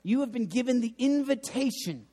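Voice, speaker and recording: High-voiced young male preacher. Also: moderate pace. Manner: animated storytelling, self-deprecating. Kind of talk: sermon. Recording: long hall reverb.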